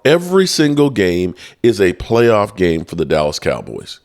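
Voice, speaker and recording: Deep-voiced man hosting a sports show. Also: moderate pace. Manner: animated, chatty, talks straight to viewers. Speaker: sports podcast host. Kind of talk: casual opinionated sports commentary.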